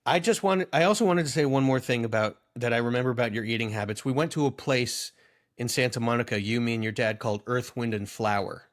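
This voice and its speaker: A man's voice: mid-range voice, quick pace. A man in his thirties co-hosting a podcast, chatting casually and telling rambling, amused stories. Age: 30s. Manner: rambling storyteller, amused and animated. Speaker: podcast co-host. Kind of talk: casual chat.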